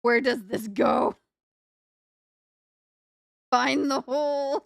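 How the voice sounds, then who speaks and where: A young woman livestreams from her computer desk, chatting casually while building, giggling often and rambling to herself. Her northern US accent carries a touch of Southern drawl, and her gravelly voice sits high and moves very slowly. The recording is dry and clean, studio quality.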